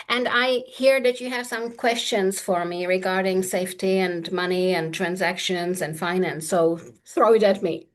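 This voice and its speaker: In a casual coaching conversation, a manifestation coach comes across as confident and teasing, breaking into frequent laughter. Her mid-range voice moves at a slightly slow pace.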